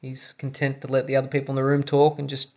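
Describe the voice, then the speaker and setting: A man's voice: medium pitch, monotone, fast, darkish tone. Wry man hosting a film chat. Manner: wry, musing questions to co-hosts. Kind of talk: casual film commentary chat.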